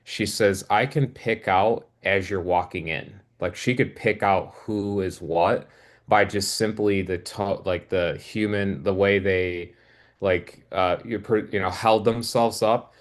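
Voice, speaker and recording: A man with a somewhat low voice talks through a business pitch on a casual group video call from home. He stops and restarts his sentences often, feeling his way toward each point. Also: steady tone. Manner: halting, restarts mid-sentence. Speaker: business presenter.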